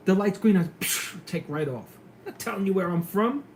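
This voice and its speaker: A middle-aged former police lieutenant from New York with a New York accent, chatting casually and telling stories in a lively way. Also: male voice, high voice, a little fast, a little hiss or hum, rough recording. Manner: chatty storyteller, animated when retelling. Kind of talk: casual chat on a call.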